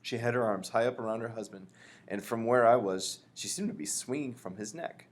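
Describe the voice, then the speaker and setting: A man reading a children's book aloud, expressively, pausing to explain. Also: mid-range voice. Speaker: reader.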